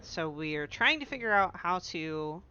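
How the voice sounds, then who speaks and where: A woman playing a tabletop game, talking eagerly with bursts of excitement and laughter. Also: on the low side, normal speed, clear, resonant tone, lo-fi sound. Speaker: player. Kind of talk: casual tabletop game chat.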